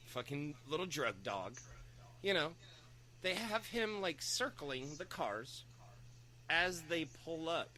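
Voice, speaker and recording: A podcast co-host with a bright voice tells an animated anecdote in casual storytelling chat, swearing and raising his pitch to act out quotes.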